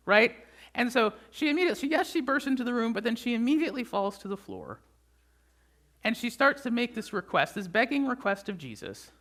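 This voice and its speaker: Chatty pastor with a lively, swooping voice. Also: mid-range voice. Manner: chatty, often checks in with the congregation with a 'right?'. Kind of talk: conversational sermon.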